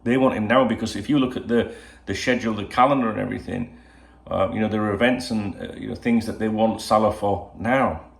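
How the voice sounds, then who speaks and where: A man's voice: fairly low pitch, fairly even intonation, brisk, gravelly. Rambling older man in a roomy room. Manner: rambling, full of "you know" asides. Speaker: football channel host. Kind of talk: casual solo video chat. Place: at home indoors. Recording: roomy home echo.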